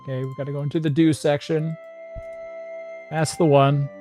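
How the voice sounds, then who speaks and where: Male streamer, a bit higher-pitched, casual mumbled chat, soft music in the background. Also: flat delivery, moderate pace. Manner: mumbling asides, laughs at himself. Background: faint background music.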